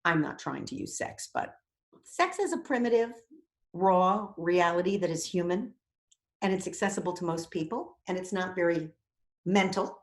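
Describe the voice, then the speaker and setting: Brief: woman acting coach, lively lecture voice, roomy echo. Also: lowish voice, moderate pace. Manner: animated, acts out quoted inner voices. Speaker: acting teacher. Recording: echoey room.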